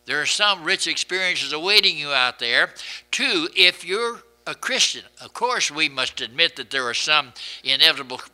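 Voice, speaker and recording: Bright-voiced preacher man, drawl. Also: on the high side, lively intonation, normal speed, low-quality recording. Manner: repeats and restarts words, earnest conversational preaching. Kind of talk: sermon.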